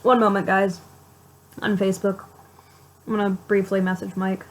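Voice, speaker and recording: A woman's voice: medium pitch, flat delivery, moderate pace, slight background noise, rough recording. A young woman talking straight to her viewers in a confessional vlog, raw and emotional, swearing a lot, repeating herself and breaking off mid-sentence. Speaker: vlogger.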